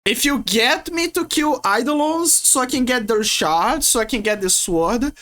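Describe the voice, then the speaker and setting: Animated and speaking at a moderate pace, a woman from Brazil talks with her viewers while streaming a game. Her fairly high, slightly bright voice rambles playfully, and she often starts sentences over.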